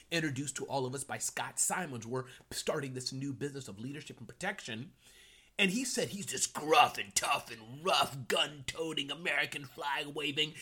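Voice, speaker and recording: This live-stream host gives a motivational talk and reads comments from the chat aloud. His slightly high, husky voice moves from hushed whispers to loud, fired-up bursts as he repeats his key phrases.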